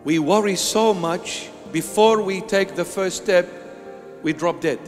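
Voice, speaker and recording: A man's voice: sits high, a little slow, big-room sound, soft background music. A man preaching a sermon as a bishop, impassioned, with rhythmic repeated phrases that sometimes lift into song.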